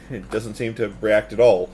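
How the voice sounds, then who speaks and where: A man's voice: on the low side, steady tone, unhurried, a little mellow, a little hiss or hum. A man co-hosting a podcast, talking in an emphatic, opinionated way during casual chat. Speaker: podcast co-host.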